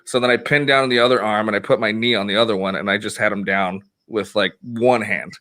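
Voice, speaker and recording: A podcast host telling a long story to his co-host. He rambles and restarts, curses freely and breaks into laughter. His voice has a bright, forceful edge. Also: on the low side, fairly even intonation, a little fast. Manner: rambling, profane, laughs often. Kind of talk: casual chat, telling a story.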